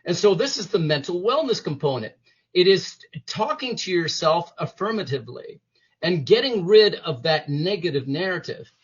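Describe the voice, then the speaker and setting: A man with a husky, fairly high voice speaks in a motivational interview. His pitch swings widely as he acts out inner voices and quotes. The sound is dull and lo-fi. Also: very animated, moderate pace. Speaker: interview guest, former police detective.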